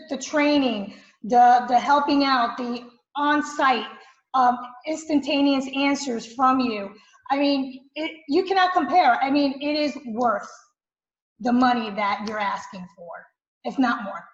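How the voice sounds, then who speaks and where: High-pitched woman giving an effusive testimonial, roomy dull recording. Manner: emphatic and effusive. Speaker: student and client giving a testimonial. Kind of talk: enthusiastic testimonial. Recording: echoey room, dull lo-fi sound.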